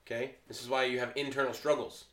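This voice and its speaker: Bright-voiced preacher in an echoey room. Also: male voice, medium pitch, little pitch movement, fast talker. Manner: emphatic, swings between loud and quiet. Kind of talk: sermon.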